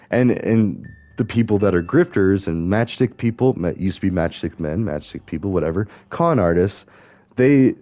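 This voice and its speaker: A man's voice: lowish voice, dark tone, no echo. A middle-aged man talking in rambling, casual commentary as he plays a game, musing aloud and correcting himself as he goes. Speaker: gaming streamer.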